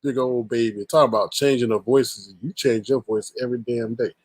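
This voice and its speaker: A man narrates a casual commentary show in a middle-pitched voice. He is emphatic and says his points more than once. The sound is dry and close. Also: steady tone, fairly quick, no room sound. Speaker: commentary host. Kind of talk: casual commentary over clips.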